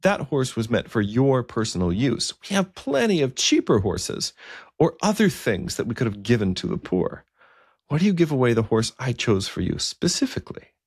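A man's voice: medium pitch, sing-song, moderate pace, husky, dry recording, clean studio sound, voice pushed up. A man voicing an earnest, humble young king who questions his bishop in a pleading tone, within a spoken story. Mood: puzzled.

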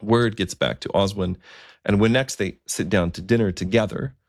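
A man narrating a historical story in a conversational, unhurried way with occasional fillers. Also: lowish voice, no echo.

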